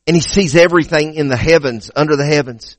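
A man's voice: fairly high pitch, fast talker, no echo. A male pastor preaching a sermon in a church, emphatic, repeating words as he restarts and building to raised peaks.

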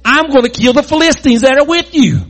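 A man voicing a bold young shepherd hero who answers a giant with confident defiance, in a husky voice. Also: fairly high pitch, animated, moderate pace, warm tone, in a large hall. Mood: threatening.

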